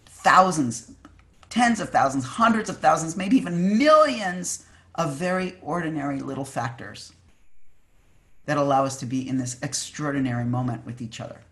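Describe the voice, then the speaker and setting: A preacher giving a heartfelt Shabbat sermon over a video call, earnest and emphatic, sometimes pausing to search for words. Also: medium pitch, lively intonation, fairly bright tone. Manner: fervent, searching for words with fillers and restarts. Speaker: maggid, preacher.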